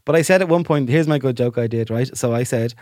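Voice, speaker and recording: A man co-hosting a comedy podcast, telling stories in an excitable, animated way with bursts of laughter. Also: mid-range voice, quick pace, slight background noise. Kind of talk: casual chat.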